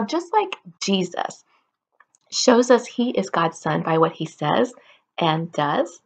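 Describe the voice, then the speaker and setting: A woman's voice: medium pitch, breathy edge. A woman teaching a simple lesson to toddlers, asking playful questions and making animal sounds. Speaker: children's ministry teacher. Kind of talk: slow, simple storytelling for toddlers.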